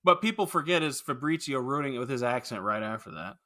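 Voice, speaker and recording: Bright, animated man arguing about movies. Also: medium pitch, fast talker. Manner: animated, opinionated, swears freely. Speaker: podcast co-host. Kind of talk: casual movie review chat.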